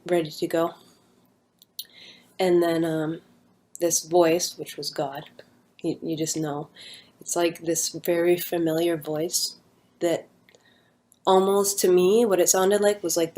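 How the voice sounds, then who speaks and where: A woman's voice: fairly low pitch, mellow. A young woman talking at home, telling a personal story in a rambling casual way with many fillers and restarts. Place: at home with her dog nearby.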